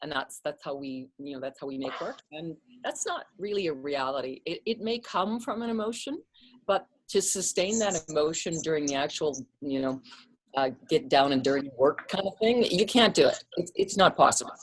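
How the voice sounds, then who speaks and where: A woman author and artist speaking candidly in a remote interview, with frequent fillers and laughs, heard through a computer mic without a headset. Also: lowish voice. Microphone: computer mic without headset on a video call.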